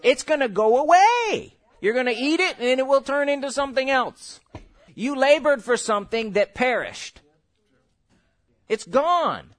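A man preaching a sermon as pastor, animated and jokey, with sudden shouts, and slowing right down when he reads scripture. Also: very high-pitched. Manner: slow, drawn-out scripture reading.

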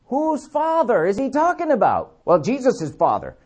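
A man preaching a sermon, emphatic, repeating key words and slowing down to read scripture. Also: extremely high pitch, wildly swooping pitch, darkish tone.

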